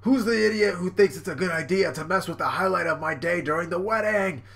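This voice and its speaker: A man's voice: fairly high pitch, sing-song, normal speed, fairly bright tone. A man voicing a huge, furious old pirate queen woman in a cartoon.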